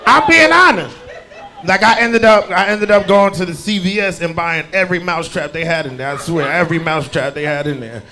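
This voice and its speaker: A young stand-up comedian from New Jersey with a high voice performs on a club stage into a handheld mic. He tells animated stories and swings into loud, shouted bits. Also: brisk.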